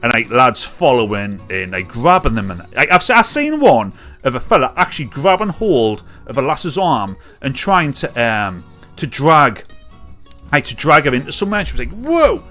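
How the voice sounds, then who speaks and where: A British man hosting a live comedy stream, ranting casually with jokes and loud mimicked honks. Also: mid-range voice, very animated, normal speed, soft background music. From United Kingdom. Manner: chatty, jokey, mimics catcallers with loud honks and whoops. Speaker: livestream comedy show host.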